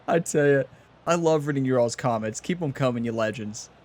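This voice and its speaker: A man's voice: mid-range voice, brisk, a little mellow. A young man hosting his gaming channel, chatting casually to viewers and laughing at himself while he plays. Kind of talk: casual gameplay commentary.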